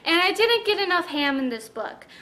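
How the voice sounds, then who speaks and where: High-voiced gushing woman book reviewer. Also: very animated, normal speed, sharp tone. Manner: gushing, chatty, lots of "like" fillers. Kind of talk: casual book review vlog.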